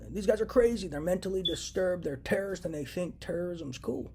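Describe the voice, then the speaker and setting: A man's voice: high voice, animated, brisk, mellow, breathy edge. A young man delivering an agitated, profane solo rant to camera from home, circling back to the same points again and again. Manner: agitated, profane, repetitive ranting. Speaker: vlogger. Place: indoors, at home.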